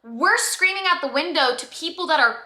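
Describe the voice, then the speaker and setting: A young woman in her twenties telling a story to her vlog viewers, animated and chatty, full of "like" and quick rushes of excitement. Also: high-pitched. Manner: animated, breathless storytelling with lots of "like". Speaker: vlogger. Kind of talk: casual storytelling. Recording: echoey room.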